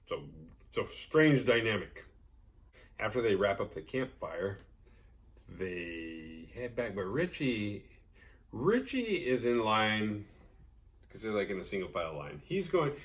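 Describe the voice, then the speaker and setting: A man's voice: on the low side, big pitch swings, takes it slowly, long pauses. A man hosting a horror movie podcast, recapping a film in a rambling, sarcastic, profane way. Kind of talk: casual movie recap with jokes.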